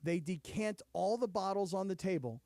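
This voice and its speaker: High-voiced male radio host. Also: no room sound. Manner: storytelling, relaxed and unhurried. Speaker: radio sports talk host. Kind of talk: casual studio banter. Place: radio studio. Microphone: studio microphone.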